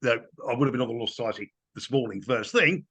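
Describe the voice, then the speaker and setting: A man's voice: mid-range voice, fast, a bit bright, husky. A man as a guest in a casual political chat, indignant and emphatic. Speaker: guest commentator.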